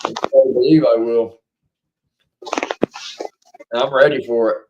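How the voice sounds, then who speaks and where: A man chatting casually with viewers on a livestream, rambling and swinging into animated bursts, feeling under the weather. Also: medium pitch, slow, dull audio, background noise. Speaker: livestream co-host.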